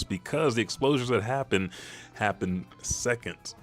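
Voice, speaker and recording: A low-voiced man gives a casual, profane recap of manga spoilers at a measured pace, with faint music behind him. His storytelling is animated, and he bursts into high-pitched character quotes as he acts out lines.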